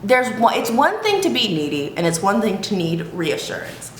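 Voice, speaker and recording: A woman's voice: medium pitch, wildly swooping pitch, normal speed. Frank, giggly woman vlogging in an echoey room. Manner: frank and profane, laughs often. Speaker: YouTube vlogger. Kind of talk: casual chat to camera. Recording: echoey room, faint background hiss.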